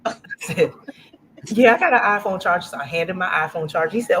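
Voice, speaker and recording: A woman's voice: fairly low pitch, fairly quick, pauses often, a little hiss or hum, poor audio. A woman in her forties from Louisiana, a guest telling a casual story and acting out the voices of the people in it. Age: 40s. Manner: animated, acts out quoted voices.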